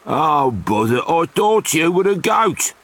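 A man voicing a hungry, grumpy male troll in a storybook reading, roaring in a loud, raised voice. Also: very animated, takes it slowly, full character voice. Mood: grumbling. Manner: roaring, loud and high-pitched. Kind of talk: storybook character voice.

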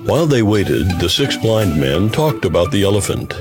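A man narrating a children's storybook tale expressively, over loud background music. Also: fairly low pitch, very animated, moderate pace.

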